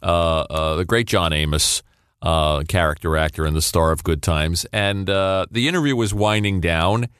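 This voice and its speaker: A man hosting a talk show, introducing clips in a relaxed, playful way. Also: low-pitched, moderate pace, clear, resonant tone, no room sound, clean studio sound. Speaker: podcast host. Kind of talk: casual chat introducing clips.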